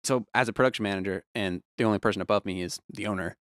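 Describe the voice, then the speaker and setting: A talkative man with a fairly low voice and a candid, easygoing way of speaking. He tells lively stories about his work as a production manager and drops in the odd swear word. The sound is dry and close, with no room echo. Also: racing, clean tone. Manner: chatty, candid, animated storyteller with casual swearing. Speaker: production manager at a music venue. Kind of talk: casual interview conversation.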